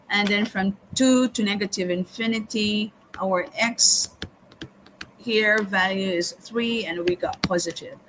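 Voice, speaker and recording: A woman teaching calculus step by step in a live lesson, often pausing with "okay" and "hang on". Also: mid-range voice, a bit bright, a little hiss or hum, low-quality recording. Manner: slow, step-by-step explaining with frequent "okay" and "hang on". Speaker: math teacher.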